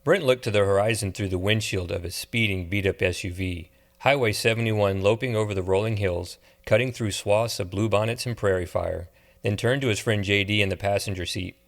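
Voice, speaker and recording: A man giving steady, measured audiobook narration. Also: fairly low pitch. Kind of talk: scripted narration.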